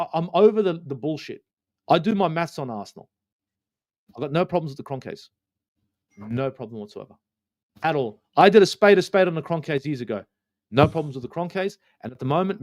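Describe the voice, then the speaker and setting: A man, ranting passionately about football on a live fan stream, swearing often and repeating his points for emphasis. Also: on the high side.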